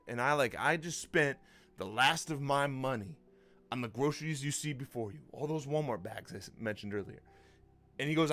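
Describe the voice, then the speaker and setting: A man hosting his own channel, casually telling a personal story in an animated, self-conscious way and acting out the dialogue. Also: mid-range voice, normal speed.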